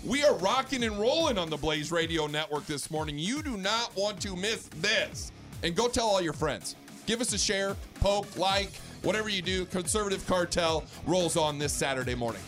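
A man's voice: high voice, animated, normal speed, over music. A man hosting a talk radio show from the studio, hyping the next segment in a promotional delivery. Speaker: radio host.

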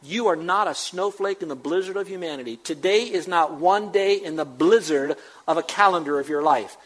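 A man's voice: on the high side, normal speed, fairly bright tone, rough recording. A man preaching a sermon as pastor, emphatic and full of rhetorical questions to his congregation.

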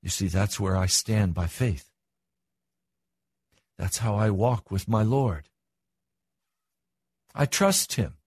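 A man's voice: animated, slow, long pauses, a little mellow, husky, no room sound. An older man preaching a sermon as pastor, earnest, with his voice rising for emphasis. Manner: earnest, rises in pitch for emphasis.

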